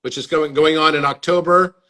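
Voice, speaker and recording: Man, slightly high pitch, earnest, inviting, repeats words, live stream chat on a phone mic. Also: steady tone, brisk, bright, forceful tone. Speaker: host. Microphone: phone or webcam on a live stream.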